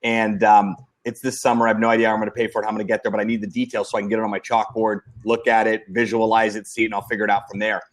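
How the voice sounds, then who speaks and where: A man hosting a casual talk show, relaxed and chatty as he tells his own story. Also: on the low side, very fast, few pauses. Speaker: host. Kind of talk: casual chat.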